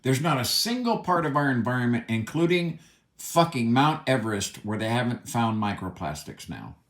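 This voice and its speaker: A man's voice: mid-range voice, sing-song, moderate pace, a bit bright. Angry, cursing man in an echoey room. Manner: angry, profane, emphatic. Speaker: commentator. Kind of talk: ranting solo commentary.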